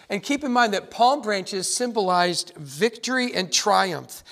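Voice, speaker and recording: A man's voice: sits high, a bit bright. A man preaching a sermon as pastor, earnest and emphatic, repeating key phrases for his congregation.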